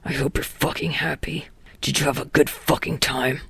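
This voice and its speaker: Woman doing a gravelly, hot-tempered young hero. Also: deep voice, flat delivery, very slow, no echo, voice pushed down, full character voice. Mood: bitter rage. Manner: snarling, swearing outbursts. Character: hot-tempered young male hero, brash and foul-mouthed. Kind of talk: fan audiobook reading.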